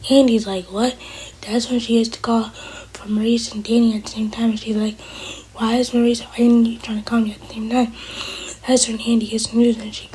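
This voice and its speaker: A woman talks through a drama episode in a soft, very breathy voice. Her pitch sits a bit high but barely moves, and her tone is mellow and dark. She is casual and opinionated, quoting the characters in her own voice. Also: little pitch movement, fairly quick, low-quality recording. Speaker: TV recap host.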